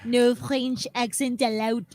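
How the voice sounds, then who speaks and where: A woman's voice: fairly high pitch, little pitch movement, takes it slowly, darkish tone. A woman from Argentina, a guest writer chatting casually with stammered restarts. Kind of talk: casual chat.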